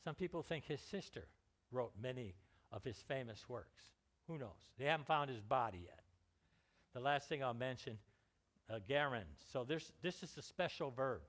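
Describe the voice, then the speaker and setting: A man's voice: medium pitch, moderate pace, fairly bright tone. A man with a Californian American accent giving an informal lecture on scientific writing, chatty, with joking asides and restarted words. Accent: Californian American English. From California, United States.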